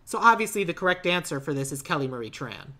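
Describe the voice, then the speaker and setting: Male podcast co-host, crisp bright tone, rambling and chatty. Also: a little high, sing-song. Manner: rambling, filler-heavy, quick to laugh. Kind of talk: casual movie-podcast chat.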